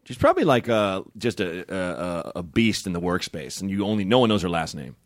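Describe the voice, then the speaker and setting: Expressive man riffing crude jokes. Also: sits low, a little fast, dry recording, studio quality. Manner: crude, playful riffing with sudden put-on voices. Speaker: podcast co-host. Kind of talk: casual comedic banter.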